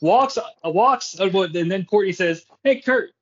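A man's voice: high voice, normal speed, fairly bright tone, breathy edge. Profane rambling podcast host, man. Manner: rambling, profane, laughs often. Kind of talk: casual chat. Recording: dull lo-fi sound.

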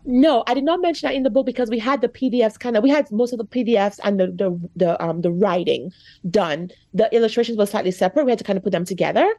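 In a dry, echo-free recording, an American author being interviewed speaks fast in a dark, medium-pitched voice. Her personal story is chatty and peppered with "like" and "you know," and she becomes emotional as she goes.

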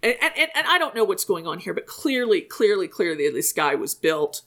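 A woman co-hosting a podcast in casual chat. She talks in a lively, animated way, breaks into laughs often, and sits at a middle pitch for a woman. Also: moderate pace. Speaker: podcast co-host.

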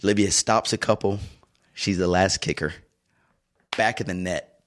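Deep-voiced middle-aged man telling stories. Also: normal speed. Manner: rambling, warm storyteller with restarts and asides. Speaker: podcast co-host. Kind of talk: casual chat, personal storytelling.

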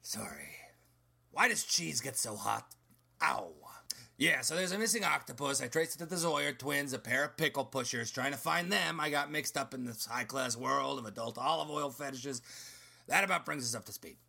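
A storyteller narrating a comic detective tale in the first person, with rambling, deadpan asides. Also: medium pitch, moderate pace, vocal fry, breathy edge.

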